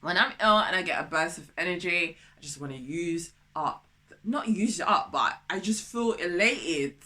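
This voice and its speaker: A woman in her thirties vlogging casually to camera, excitable and goofy, jumping between topics and laughing often. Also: lowish voice, moderate pace. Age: 30s.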